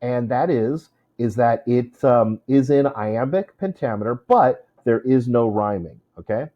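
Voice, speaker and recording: A man's voice: medium pitch, measured pace, lo-fi sound. A man teaching a casual lesson on poetry, chatty, with many fillers, stopping to correct himself. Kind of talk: informal classroom lesson.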